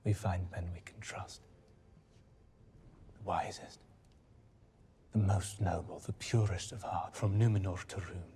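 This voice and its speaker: An actor playing a scheming male elf lord who speaks in a hushed, persuasive way, in a clip from a fantasy series. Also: low-pitched, steady tone, measured pace, pauses often, slight background noise.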